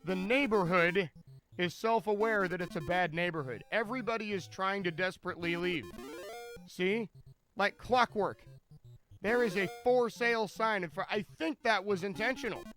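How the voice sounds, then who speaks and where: A man's voice: sits high, a bit bright. A man commentating his own game run live, rambling and joking with frequent stammered restarts.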